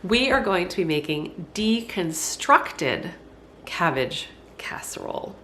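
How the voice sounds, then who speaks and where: Woman, congested, chatty kitchen talk, low-ish voice, faint background noise. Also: sing-song, slow, a bit bright. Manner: chatty, folksy, addresses viewers as y'all. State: congested, stuffy voice. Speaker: homesteading vlogger. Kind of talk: casual cooking demonstration. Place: home kitchen.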